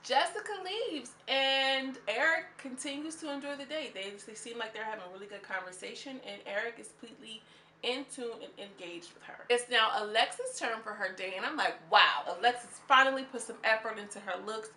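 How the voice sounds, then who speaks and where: A bright, forceful woman talks through a reality episode in a loose, slangy vlog manner. Her voice bounces around a roomy, echoey space with a faint hiss underneath. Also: fairly high pitch, a little fast. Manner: animated and slangy, acts out quotes in mocking voices. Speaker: reality TV reviewer. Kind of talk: casual commentary vlog. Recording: echoey room.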